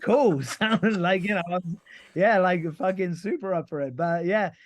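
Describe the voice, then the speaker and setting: A man's voice: sits high, normal speed, dry recording. Chatty man telling a story, dry close sound. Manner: rambling, frequent "like" and "you know", swears casually. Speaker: podcast guest, pro wrestler. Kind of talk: casual interview storytelling.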